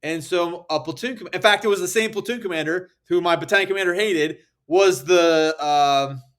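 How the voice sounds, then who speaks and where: An American man in his thirties telling stories casually on a podcast, animated and acting out quoted lines. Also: normal speed. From United States. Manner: animated, acts out quotes with rising pitch. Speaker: podcast guest. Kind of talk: casual storytelling.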